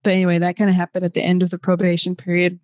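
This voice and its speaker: A woman's voice: fairly low pitch, monotone, rapid-fire, a little mellow, dry recording, lo-fi sound. A young woman telling a personal story as a podcast guest, casual and emotional, with lots of fillers.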